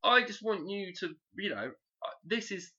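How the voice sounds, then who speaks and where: A man's voice: high-pitched, very animated, moderate pace, sharp tone. A man co-hosting a casual podcast, joking and rambling as he talks and swearing freely. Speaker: podcast co-host. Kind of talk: casual chat. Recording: dull lo-fi podcast audio.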